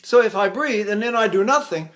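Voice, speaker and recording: Older male voice teacher, high lively voice. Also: a little fast. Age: 80s. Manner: demonstrates with falsetto vocalises and sung vowels; relaxed, conversational explaining. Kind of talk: vocal technique lesson with sung demonstrations.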